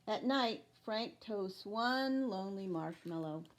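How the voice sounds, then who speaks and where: A woman's voice: medium pitch, animated, takes it slowly, slight background noise. A woman reading aloud voices a grumpy, secretive loner man who wants to be left in peace, with fussy exclamations in a storybook style. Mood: lonely.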